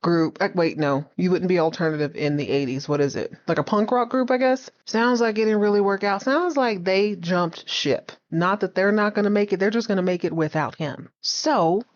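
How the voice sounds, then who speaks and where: A woman hosting a podcast, recapping a TV series in casual, sassy commentary and acting out the characters' lines in quick voices. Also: mid-range voice, muffled recording.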